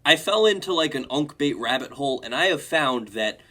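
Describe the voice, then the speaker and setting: A man's voice: fairly high pitch, animated, brisk, bright, forceful tone. A young man hosting a reaction video, mockingly reading online comments aloud. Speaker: host.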